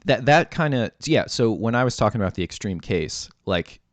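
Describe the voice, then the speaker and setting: A man's voice: medium pitch, lively intonation, normal speed, no echo. A man hosting a podcast in casual chat, rambling with many fillers and laughing easily. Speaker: podcast host.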